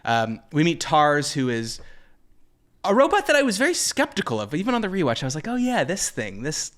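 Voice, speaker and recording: Animated male podcast host. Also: on the high side, a little fast. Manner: animated, jokey, acts out quotes. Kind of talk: casual movie discussion.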